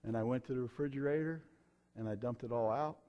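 A middle-aged man, preaching his own testimony in a folksy, emphatic way with sudden loud bursts. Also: medium pitch, fast, muffled recording. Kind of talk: sermon testimony.

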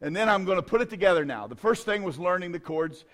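A middle-aged male pastor telling a self-deprecating story in a sermon, dropping to quiet asides and rising to shouts. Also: sits high, animated, fast talker. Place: church.

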